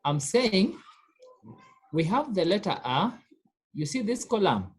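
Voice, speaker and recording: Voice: mid-range voice, sing-song, takes it slowly, breathy edge. A teacher giving a French pronunciation lesson, drilling students and answering their own questions with "what?".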